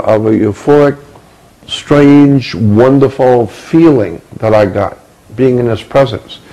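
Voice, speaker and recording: A man telling a story about his own past, halting and repeating words as he searches for them. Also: medium pitch, vocal fry, dark tone, low-quality recording. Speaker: speaker recounting a personal experience.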